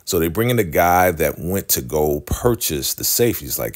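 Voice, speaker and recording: A man's voice: low voice, sing-song, normal speed. A man casually recapping a TV episode, animatedly acting out the characters' lines. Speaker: TV recap vlogger.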